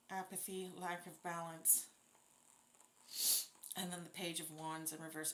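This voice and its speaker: A woman talks through a tarot spread in a bright voice. She reads casually and bluntly, swears freely and sounds openly indignant. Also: on the low side, steady tone, a little slow, pauses often, a little hiss or hum. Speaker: tarot reader. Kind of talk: casual spoken tarot reading.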